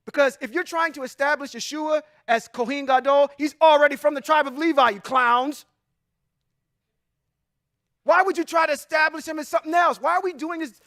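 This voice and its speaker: A very high-pitched male preacher reads Bible verses to his congregation and picks them apart, his emphatic delivery swinging from loud to quietly aside. The sound is clean studio audio without echo.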